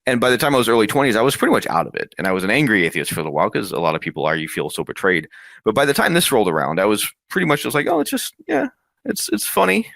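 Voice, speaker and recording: A man in his thirties, an interview guest, telling a personal story in a casual, animated way. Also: fairly low pitch, rapid-fire, no echo, clean studio sound. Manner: lively, animated retelling with acted quotes.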